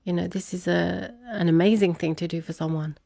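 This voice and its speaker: A woman telling a personal story as an interview guest, laughing often and animated when quoting others. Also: fairly low pitch, brisk, gravelly, no echo, studio quality.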